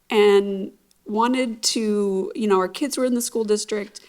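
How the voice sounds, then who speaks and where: A middle-aged woman giving an emotional personal testimony as an interview guest, reflective and halting. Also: medium pitch, steady tone, darkish tone. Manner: reflective, halting, with many fillers.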